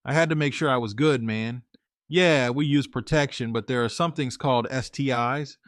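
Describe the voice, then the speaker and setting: A man's voice: medium pitch, normal speed, a bit bright, dry recording, studio quality. A man narrating his own story in a casual, conversational way, talking to his listeners directly. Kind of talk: first-person story narration.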